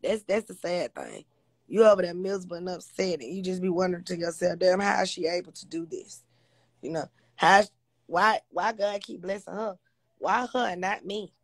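A woman's voice: fairly low pitch, normal speed, no room sound. Blunt, profane woman livestreaming. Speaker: livestream host. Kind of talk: casual livestream rant. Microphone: phone.

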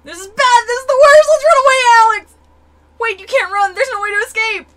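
A woman co-hosting a let's play, reacting with loud, dramatic shrieks. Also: very high voice, fairly quick, noisy background. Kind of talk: excited gaming reactions.

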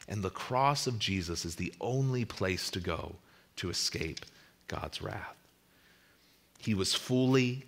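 A man preaching a sermon as pastor, swelling to loud emphasis and then dropping to a hushed close, sometimes repeating words as he restarts. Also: on the low side.

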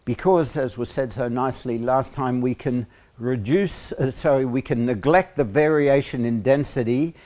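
A man with an Australian accent giving a university lecture, pausing often on fillers and slipping in joking asides. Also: mid-range voice, warm tone.

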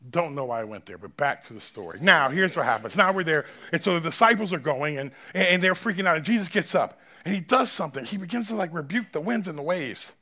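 A male pastor preaching a sermon in a church, swinging between loud, forceful preaching and quiet, close talk in casual, slangy phrasing. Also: fairly high pitch, animated, fast talker, few pauses. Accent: Southern American.

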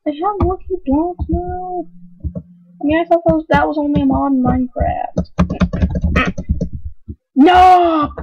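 A woman commenting on her own gameplay, excitable, yelping and crying out whenever something goes wrong. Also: high-pitched, slightly rough. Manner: excitable, yelps and cries out at mishaps. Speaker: gaming channel host. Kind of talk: let's play commentary. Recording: dull lo-fi recording.

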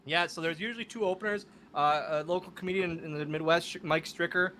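A man guesting on a podcast, telling animated, swear-filled stories and acting out the dialogue. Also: fairly high pitch, fast talker, a little hiss or hum. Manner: animated, acts out quoted dialogue, swears freely. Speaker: podcast guest, wrestler and comic. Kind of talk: casual storytelling.

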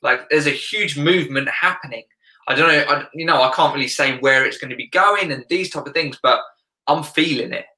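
A man's voice: on the high side, fairly quick, pushed and bright, reverberant. A man speaking as a guest life coach in a casual interview, earnest and reflective, often searching for words.

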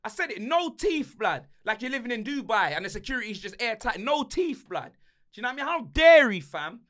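Animated high-voiced man ranting. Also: brisk. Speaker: podcast co-host. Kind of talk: casual banter podcast.

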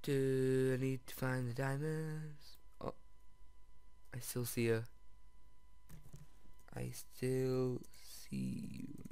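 A man giving let's-play commentary as he plays, excitable, often jumping to squeals over finds and talking straight to his viewers. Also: mid-range voice, extremely slow, long pauses, clean tone. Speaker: video game player.

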